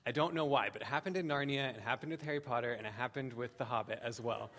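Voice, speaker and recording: A man preaching a sermon, speaking earnestly with slow, emphatic pauses and frequent "um"s. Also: mid-range voice, fairly bright tone. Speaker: pastor.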